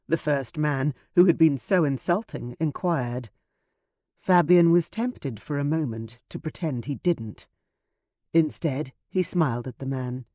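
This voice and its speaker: A woman narrating an audiobook romance in a measured, even storytelling manner. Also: low-pitched, no room sound, clean studio sound. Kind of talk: scripted narration.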